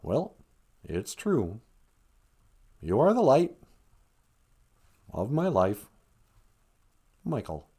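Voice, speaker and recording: A man imitating a former president who speaks in slow, measured phrases broken up by deliberate pauses. It is a live-stream comic impression with a wide, lively rise and fall in pitch. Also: breathy edge, exaggerated voice.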